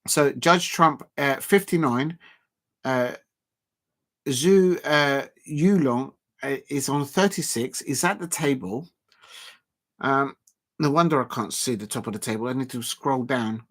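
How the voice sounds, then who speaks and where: A man hosting a casual live stream, calling a snooker match in a chatty, rambling, self-deprecating way with lots of filler pauses. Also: medium pitch, fairly bright tone. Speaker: YouTube live-stream host.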